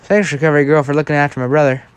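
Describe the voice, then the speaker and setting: A man's voice: fairly high pitch, level tone, rapid-fire, clean tone, no room sound, natural voice. A man doing a teasing teen boy hero. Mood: friendly. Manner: teasing and casual. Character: teenage boy hero, playful prankster.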